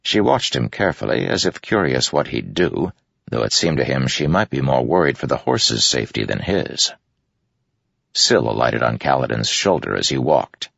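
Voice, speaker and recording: Gravelly, very deep-voiced male narrator. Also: animated, moderate pace, fairly bright tone, no echo. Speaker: audiobook narrator. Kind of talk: scripted narration. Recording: dry, dull lo-fi sound.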